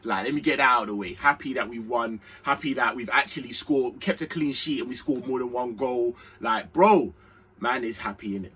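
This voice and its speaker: A young man hosting an excitable, slangy fan reaction to a football match. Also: medium pitch, a little fast. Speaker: football channel host.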